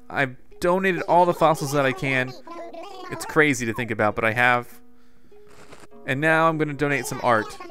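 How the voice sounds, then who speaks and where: Man, gaming channel host, casual playful commentary with a mid-range voice and soft game music underneath. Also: medium pitch. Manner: playful, jokey, self-mocking asides. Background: faint game music.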